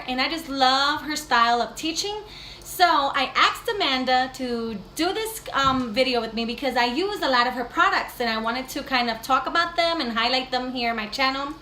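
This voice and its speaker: High-voiced chatty homeschooling mom vlogging. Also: female voice, sharp tone, a little hiss or hum. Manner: chatty and enthusiastic. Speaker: homeschooling mom and channel host. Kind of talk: casual show-and-tell vlog. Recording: echoey room with faint ambience.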